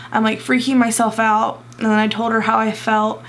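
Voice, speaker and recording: A young woman vlogger telling a personal story in an emotional, halting way, close to tears and full of fillers. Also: a little high, level tone.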